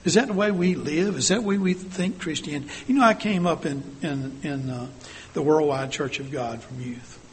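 A man's voice: a little high, normal speed, a little hiss or hum. An older man delivering an earnest sermon, asking the congregation many rhetorical questions. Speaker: church speaker.

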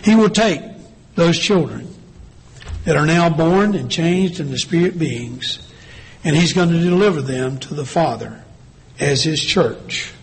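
A man preaching a sermon in a slow, deliberate way, reading scripture aloud with long pauses. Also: a little high, expressive, a little hiss or hum, rough recording. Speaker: pastor.

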